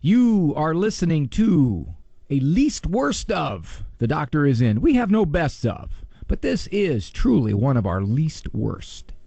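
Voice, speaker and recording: A male psychologist hosts a call-in radio program, cracking self-deprecating jokes as he wanders through his points. His pitch swings widely, and the studio sound is close and dry. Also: sing-song, takes it slowly, creaky, warm tone, slightly rough, dry recording, muffled recording. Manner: joking, self-deprecating, rambling.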